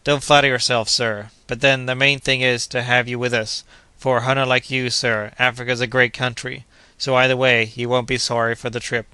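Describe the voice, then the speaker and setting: A man's voice: medium pitch, little pitch movement, moderate pace, sharp tone, clean tone, dry recording, lightly acted. A man voicing a cheerful, loyal young manservant who talks eagerly and respectfully in an audiobook. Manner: eager, respectful, says sir often.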